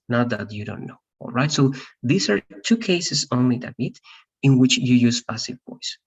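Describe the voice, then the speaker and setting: A man's voice: mid-range voice, darkish tone, husky, lo-fi sound. A man teaching an English grammar class online, patiently explaining and checking understanding with his students. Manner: patient, repeats "all right?" to check understanding.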